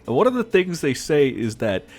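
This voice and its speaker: A man ranting in a heated, sarcastic commentary vlog, swearing freely. His pitch jumps around in a lively way. Faint music plays behind him. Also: moderate pace. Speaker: gaming commentator.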